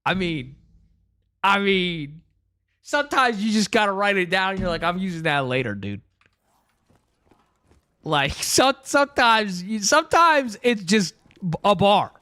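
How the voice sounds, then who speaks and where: Playful high-voiced young man streaming. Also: expressive, a little slow, sharp tone, dry recording, clean studio sound. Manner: joking, rambling, playful. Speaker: livestreamer. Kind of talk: casual stream chat with viewers.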